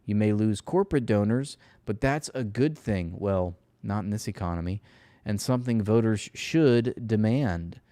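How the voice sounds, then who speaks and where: A man with a low, warm voice hosts a livestream, chatting and reacting with a sarcastic edge. The sound is dry and close. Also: moderate pace, no room sound. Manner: sarcastic, conversational. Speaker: livestream host. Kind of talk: casual political commentary.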